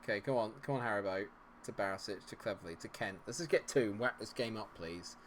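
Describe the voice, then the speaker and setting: A man's voice: on the low side, fast talker, a little hiss or hum. A man giving live commentary over a football management game, sarcastic and exasperated, swinging between grumbling and cheering. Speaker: gaming streamer.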